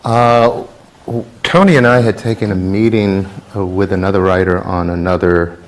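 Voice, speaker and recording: Halting deep-voiced man recalling a story. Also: fairly even intonation. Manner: halting, many fillers and restarts. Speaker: producer on a panel. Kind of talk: anecdotal panel talk. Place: theater stage before a live audience.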